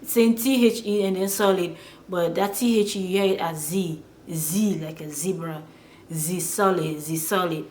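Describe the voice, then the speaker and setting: A woman teaching pronunciation who talks in a halting way, with many fillers and restarts. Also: on the low side, darkish tone, reverberant, a little hiss or hum. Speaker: language teacher. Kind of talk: explaining pronunciation to viewers.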